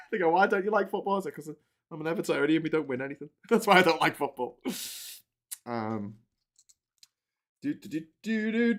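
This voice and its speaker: A man hosting a live stream, chatting casually and jokily while he builds a model, with plenty of swearing and laughter. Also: mid-range voice. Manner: rambling and jokey, swearing, laughing often.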